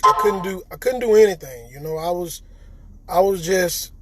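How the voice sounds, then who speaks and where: A man telling his own story as a survivor, halting and repeating his words as he talks to listeners directly. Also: high voice, expressive, a bit bright, slightly rough, poor audio. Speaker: coronavirus survivor. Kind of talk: emotional personal testimony.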